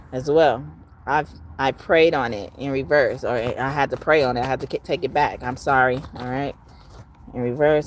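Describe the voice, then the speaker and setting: A woman's voice: low voice, a little mellow, slight background noise. A woman giving a casual tarot reading, talking bluntly with profanity and frequent laughter. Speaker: tarot card reader.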